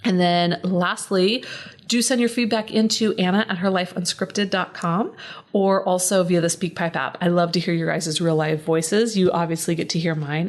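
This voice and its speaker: A middle-aged woman hosting a solo podcast, speaking candidly and with feeling, often checking in with "right?". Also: lowish voice. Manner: candid, heartfelt, tags lines with "right?". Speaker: podcast host and psychotherapist.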